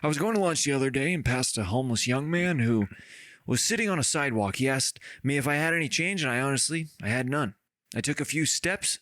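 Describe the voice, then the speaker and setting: Male reader as an earnest letter writer, bright and sincere. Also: medium pitch, dry recording, clean studio sound, natural voice. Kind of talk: reading a letter aloud.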